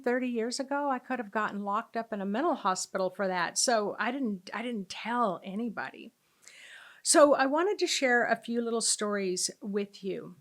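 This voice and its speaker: Recounting something from her own life, this middle-aged woman speaks as a spiritual teacher, earnest and chatty. Her pitch stays in a normal middle range, with frequent filler pauses as she works out what to say.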